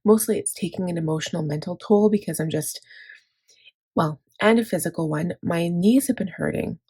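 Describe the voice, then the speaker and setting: A woman's voice: lowish voice, moderate pace, mellow, breathy edge. A woman in her thirties, a planner vlogger, chatting casually and tiredly, rambling with many fillers and restarts. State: tired and low. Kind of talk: casual chat.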